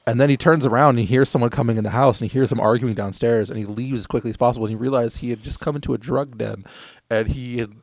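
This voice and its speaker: A man with a mid-pitched voice talks fast and rambles through stories as a podcast co-host. He restarts his sentences often, and the recording is close and dry. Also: darkish tone, dry recording. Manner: rambling storyteller, many restarts. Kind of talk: casual chat.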